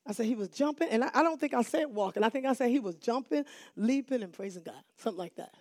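A middle-aged woman telling a lively, dramatic testimony to a church audience. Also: fairly high pitch, fast, no echo, clean studio sound. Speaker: church speaker giving a testimony. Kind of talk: animated testimony storytelling.

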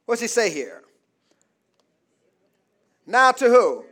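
A man preaching a call-and-response sermon as pastor, calling for amens, prompting the congregation to fill in words and building to shouts. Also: extremely high pitch, lively intonation, unhurried. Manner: preaching with calls of "say amen, somebody" and rising shouts. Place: church.

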